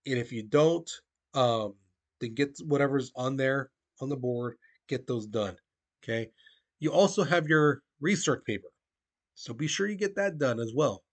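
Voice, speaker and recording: A man's voice: medium pitch, expressive, unhurried. A man teaching a recorded history lesson to his students, casual and conversational, often checking in with "okay?".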